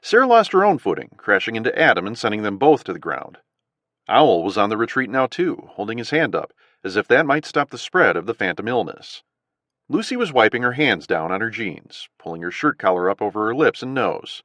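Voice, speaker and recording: A low-pitched man reads a gritty thriller audiobook with an animated, rising-and-falling delivery. The recording is dry and close, with no room sound. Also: brisk, dry recording. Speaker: audiobook narrator. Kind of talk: scripted narration.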